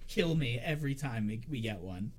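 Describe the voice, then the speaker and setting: A man's voice: medium pitch, lively intonation, moderate pace, slight background noise. Chatty man recapping a horror film. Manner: chatty, laughs often, fillers like "like". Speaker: podcast co-host. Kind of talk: casual movie discussion podcast.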